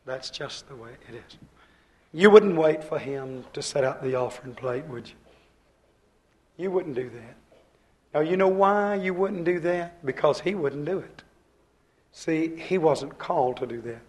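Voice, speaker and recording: Male pastor, fervent sermon delivery, slightly high voice, swings from loud urging to hushed pleading. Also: lively intonation, measured pace, pauses often. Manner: acts out quoted speakers in his own voice.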